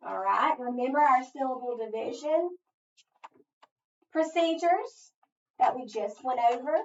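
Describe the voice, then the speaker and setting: A woman teacher giving a phonics lesson, thinking aloud step by step and pausing so listeners can finish her sentences. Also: sits high, slight background noise. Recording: echoey, distant, dull sound.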